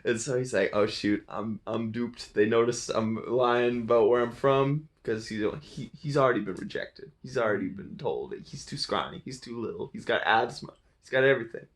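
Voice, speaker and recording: A man with a mid-range voice and a moderate pace casually recaps a film's plot, playful and giggly, laughing often and acting out lines in silly voices.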